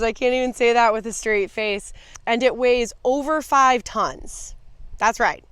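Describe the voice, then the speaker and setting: A woman's voice: on the high side, unhurried, a bit bright. A woman, a farmer and vlogger, explaining harvest equipment in an upbeat, amused way, recorded outdoors on a farm. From USA. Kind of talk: casual vlog narration. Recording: outdoor recording with clear machinery noise. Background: vehicle and machinery noise.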